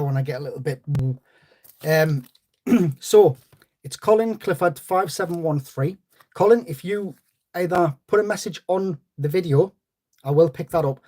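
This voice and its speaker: Male host, rambling live-stream chatter, slightly higher voice. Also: warm tone. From North East England. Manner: rambling, chatty, greets viewers by name. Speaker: fishing channel host. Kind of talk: live-stream chat with viewers.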